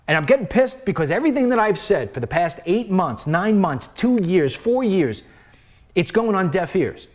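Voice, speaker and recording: A man's voice: sits high, sing-song, moderate pace, darkish tone. A man hosting his own online show, delivering an emphatic, heated political commentary monologue and repeating phrases for emphasis.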